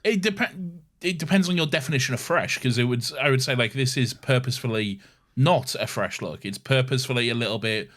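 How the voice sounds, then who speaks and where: A man's voice: medium pitch, a little fast, a bit bright. A man co-hosting a podcast in casual chat, teasing his co-host and swearing freely.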